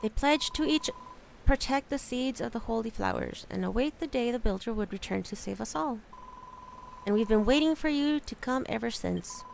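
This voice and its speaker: A woman's voice: on the high side, animated, gravelly, darkish tone, a little hiss or hum. A woman playing a solemn old rat elder. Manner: slow, solemn storytelling.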